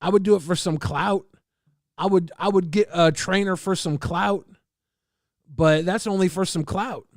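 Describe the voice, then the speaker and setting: A man streaming casually, reading and answering chat in a loud, profane, combative rant. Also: high-pitched, a little slow, dry recording, studio quality.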